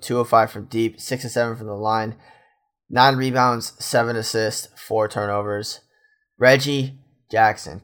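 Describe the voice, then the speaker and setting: A man talks alone through a fan recap of a game, animated and close to emotional. He drops "man" into nearly every thought and reads stat lines aloud. His voice sits at an ordinary middle pitch. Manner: animated, says "man" constantly. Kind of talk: excited solo fan recap.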